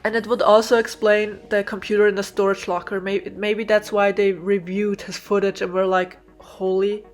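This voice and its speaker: Woman, casual voiceover, excited rambling, frequent laughter, soft background music. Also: medium pitch, normal speed. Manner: excited, laughs often, restarts words. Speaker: video creator theorizing over a speedpaint.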